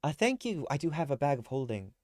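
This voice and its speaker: A flustered young woman who rambles and keeps apologizing, as a man puts her on in a tabletop game. The voice sits a bit higher than his own and is close and dry. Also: very animated, fast, darkish tone, dry recording. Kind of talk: tabletop role-play.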